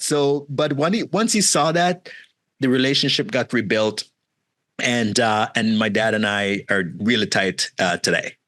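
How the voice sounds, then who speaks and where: A man's voice: medium pitch, unhurried. A middle-aged man from Jamaica, a guest entrepreneur, telling stories in a casual interview and acting out other people's voices. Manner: animated, acts out quoted voices, frequent "right?" and "man".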